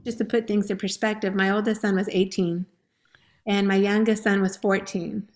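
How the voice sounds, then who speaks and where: A woman's voice: mid-range voice, flat delivery, normal speed, darkish tone. A woman in her forties telling her personal story as a guest on a faith-based talk show, earnest and emotional. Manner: earnest storytelling, laughing and tearful at times. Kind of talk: personal testimony in a faith interview.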